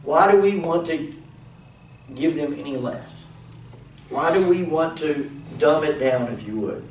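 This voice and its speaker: A man's voice: a little high, animated, unhurried, darkish tone. A man, a pastor, leading a group planning discussion in an earnest, casual teaching manner, repeating himself as he thinks. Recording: roomy, distant mic, faint noise.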